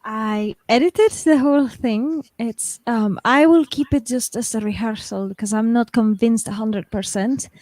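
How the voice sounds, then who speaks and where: Cheerful higher-voiced woman, dry sound. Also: darkish tone, dry recording. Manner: cheerful, laughs easily, halting with fillers. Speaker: guest writer. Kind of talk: casual chat.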